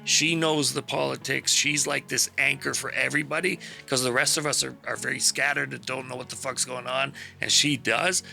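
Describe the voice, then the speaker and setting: A man with a deeply gravelly, rough edge and a bright, forward tone. He rambles through an easygoing post-game wrap-up, swearing freely and heaping praise on the other players as he goes. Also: fairly even intonation, moderate pace, hardly any pauses, faint music behind. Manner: rambling, enthusiastic, swears casually. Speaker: player and stream host. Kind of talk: casual post-session chat.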